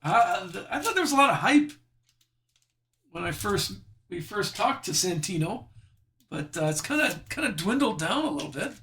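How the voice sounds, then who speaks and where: A man hosts a live card break, calling out each card as he pulls it and chatting in a loose, self-deprecating way. His voice sits high for a man and sounds bright and forward. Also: big pitch swings, moderate pace, a little hiss or hum. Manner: chatty, self-deprecating, reads out cards as he opens packs.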